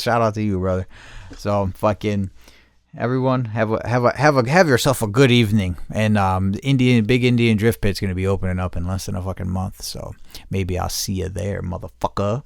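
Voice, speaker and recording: A man hosting his channel, giving rambling shout-outs to his viewers and swearing constantly. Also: on the low side, fairly even intonation, brisk, gravelly, no room sound, studio quality. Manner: rambling and heavily profane. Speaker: channel host.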